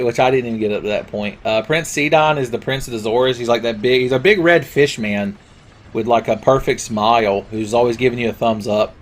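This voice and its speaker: Man, gameplay commentator, crude, jokey, yells at the game. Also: mid-range voice. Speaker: Let's Play commentator.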